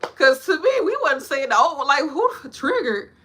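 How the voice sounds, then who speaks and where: A woman, a nurse talking casually to the camera, blunt and animated, swearing and laughing as she rambles. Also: moderate pace, slight background noise. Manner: blunt, animated, swears and laughs, acts out patients in higher voices. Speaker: nurse vlogger. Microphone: camera mic.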